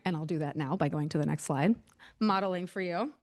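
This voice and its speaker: A woman's voice: on the low side, brisk, a little mellow. Woman presenter, conversational lecture delivery, filler-heavy and self-deprecating. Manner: chatty, many fillers, laughs at herself. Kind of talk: casual presentation.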